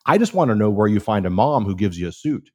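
A man's voice: fairly low pitch, fast, husky. A man in his forties, a real estate guest on a podcast, telling stories and acting out the people in them. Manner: animated storyteller, acts out quoted dialogue. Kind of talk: casual podcast chat.

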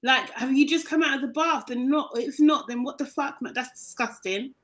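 A woman's voice: sits high, normal speed, a bit bright. A woman in a casual chat, talking bluntly and exasperatedly, with swearing.

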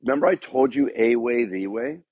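A man's voice: medium pitch, a little fast, husky, no echo, highs cut off. A man giving a motivational talk to a sales team, rousing the room with repeated rhetorical questions. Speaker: speaker addressing a dealership sales team.

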